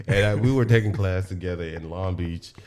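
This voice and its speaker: Deep-voiced Nigerian-born man, blunt and emphatic. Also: brisk, darkish tone. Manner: emphatic, blunt and profane, often asks "you know what I'm saying?". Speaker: podcast host. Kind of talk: casual podcast conversation.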